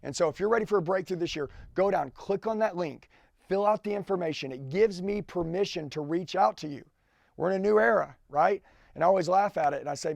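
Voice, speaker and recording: A middle-aged man, a sales trainer, telling his story in an intense, emphatic motivational way that swings between loud pushes and low asides. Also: a little fast, gravelly.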